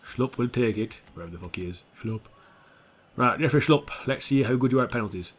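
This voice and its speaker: A young man commentating his own football video game, sweary and excitable, dropping to mutters and jumping to shouts. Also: medium pitch, fairly quick. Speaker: gaming YouTuber. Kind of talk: gameplay commentary.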